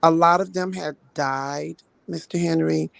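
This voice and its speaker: A woman's voice: low voice, steady tone, unhurried, gravelly, no echo. Woman, outreach nurse, earnest storytelling, dry close sound, video call. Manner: earnest, storytelling, voices quoted people. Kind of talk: guest on a talk show.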